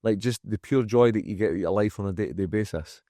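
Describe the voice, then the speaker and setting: A Scottish man with a lowish, dark voice talks fast as a podcast guest, a gym owner who is frank and emphatic, swearing freely and acting out what people say. The conversation is candid, and the close-miked studio recording is dry.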